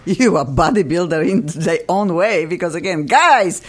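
Lively, effusive woman host. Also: fairly low pitch, normal speed. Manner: chatty, laughing, effusive. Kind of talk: casual interview chat.

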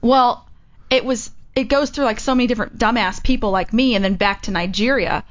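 A woman's voice: a little high, fairly quick. A woman hosting a casual chat, telling rambling stories with many restarts, on a muffled recording. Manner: chatty storyteller, rambling with restarts. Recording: muffled lo-fi with faint hiss.

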